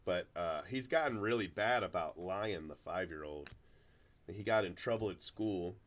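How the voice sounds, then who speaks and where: A middle-aged man with a low voice and moderate pace hosts a card break, chatting casually while opening cards. His stories ramble and are full of restarts.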